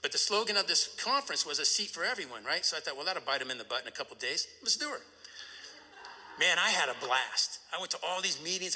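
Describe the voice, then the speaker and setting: A man speaking at a recovery meeting, telling a personal story in an animated way and often asking "right?". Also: on the high side, in a large hall.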